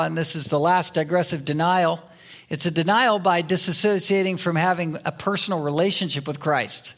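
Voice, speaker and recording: A middle-aged man delivers a sermon in a notably high voice. He preaches earnestly and drives each point home by repeating it. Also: a bit bright. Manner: earnest expository preaching with emphatic repetition. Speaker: pastor.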